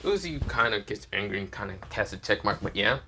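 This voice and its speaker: A man's voice: on the low side, expressive, fairly quick, sharp tone, slight background noise. Rambling man narrating a fan story. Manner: rambling, many fillers and restarts, swearing. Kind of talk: casual improvised story narration.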